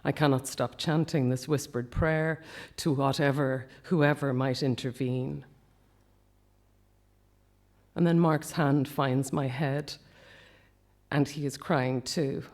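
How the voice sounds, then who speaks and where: A man reads his own memoir piece aloud to a festival audience. His delivery is quiet and measured, often sinking to a near hush. His voice sits at a middle pitch. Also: steady tone. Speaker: speaker reading a personal account.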